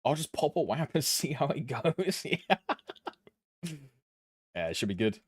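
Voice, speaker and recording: A man's voice: mid-range voice, very animated, measured pace, breathy edge, no echo. A British man with a British accent, chatting casually while streaming a game, laid-back. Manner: laid-back, lots of laughing asides.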